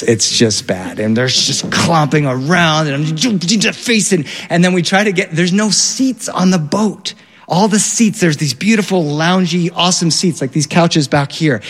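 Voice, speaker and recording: A man telling a personal story about his family in an animated, vivid, run-on way. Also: mid-range voice. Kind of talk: personal storytelling before an audience. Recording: long hall reverb.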